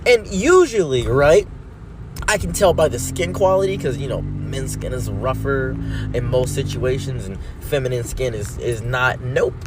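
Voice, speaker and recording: Lively young man telling a comic story. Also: unhurried, over loud music. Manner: playful, jokey storytelling with sudden pitch jumps.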